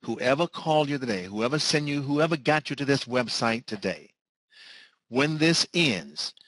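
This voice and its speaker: A man presenting a sales webinar, talking fast and driving home the same point again and again. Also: animated, a bit bright, dry recording, rough recording. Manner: fast-talking, repetitive pitch.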